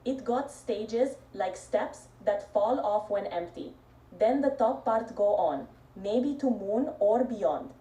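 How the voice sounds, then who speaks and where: Brief: AI woman's voice as a cheerful goofy bird, broken English, hard-to-place foreign accent, dark mellow tone, from across a roomy space. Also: medium pitch, lively intonation, takes it slowly, recorded from a distance. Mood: playful. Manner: broken grammar, short chopped phrases. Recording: voice played from a speaker, picked up from across a roomy space.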